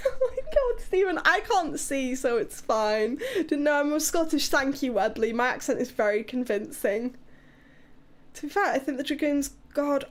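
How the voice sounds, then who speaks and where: A woman from Wales with a British accent, streaming live in casual, chaotic chat, swearing and laughing often as she reads. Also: high-pitched.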